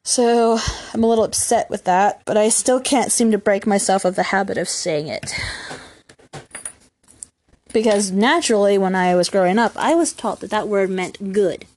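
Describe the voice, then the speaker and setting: A woman's voice: medium pitch, normal speed, darkish tone. A young woman with a youthful, girlish voice, chatting casually and rambling on her own podcast, laughing often. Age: young adult. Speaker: podcast host. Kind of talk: casual solo chat. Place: room at home.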